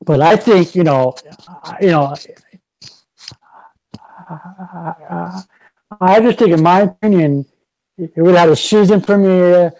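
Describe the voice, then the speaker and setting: A man with a notably high voice hosting a loose podcast conversation. He talks excitedly, piling on "you know" fillers. The sound is close and dry, with no room echo. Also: takes it slowly, long pauses. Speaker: podcast host. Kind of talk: casual podcast chat.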